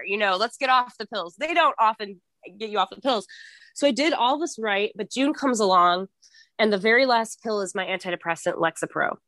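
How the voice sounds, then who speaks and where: A woman's voice: medium pitch, fairly bright tone, dry recording. Candid young woman, swearing freely. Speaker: guest, author. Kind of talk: candid podcast conversation.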